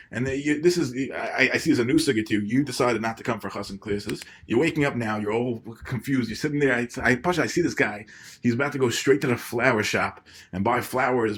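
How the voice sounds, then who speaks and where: A man's voice: medium pitch, slightly rough. A man doing a comic monologue as a rabbi giving marriage advice, rambling and stammering. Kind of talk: comedic monologue in character.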